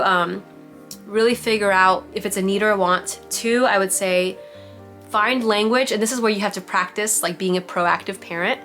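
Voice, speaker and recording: On a video call from home, a young mom gives parenting advice to a support group of other mothers through her computer mic. Her voice is medium-pitched and a bit bright, and she's chatty, full of "like" and "you know".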